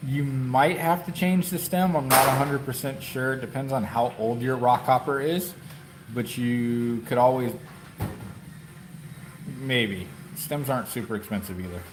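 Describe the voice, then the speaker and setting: A man's voice: mid-range voice, fairly even intonation, unhurried, background noise. A man hosting a live stream from inside a bike shop, chatting playfully and laughing often. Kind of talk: casual live-stream chat.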